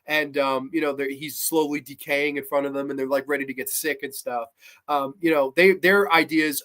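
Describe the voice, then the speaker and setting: Male podcast host, fairly high voice, loose and profane, rambling recap. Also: fairly quick. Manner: animated, profane, rambling, many fillers and restarts. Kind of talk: casual horror TV review chat.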